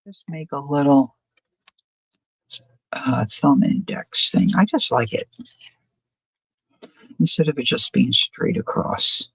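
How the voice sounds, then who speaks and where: A woman's voice: rumbling low, slow, creaky, pauses often, breathy edge, dry recording, low-quality recording. A woman leisurely works through a crafting project on a live stream, wondering aloud and checking in with her audience. Her voice has a faint huskiness and sits close and dry on the mic. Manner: chatty, muses aloud, asks viewers questions. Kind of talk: casual crafting demo, thinking aloud.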